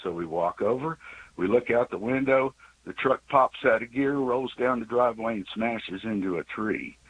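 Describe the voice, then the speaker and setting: A man's voice: medium pitch, moderate pace, slightly rough, poor audio. A man in his sixties calling in to tell an earnest, rambling personal story, often stopping and restarting his sentences. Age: 60s. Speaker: caller.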